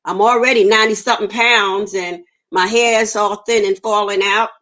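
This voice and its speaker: A woman's voice: medium pitch, fairly even intonation, moderate pace, fairly bright tone. Woman telling her story earnestly. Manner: earnest storytelling, acts out quoted dialogue. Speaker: interview guest. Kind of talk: personal testimony in conversation.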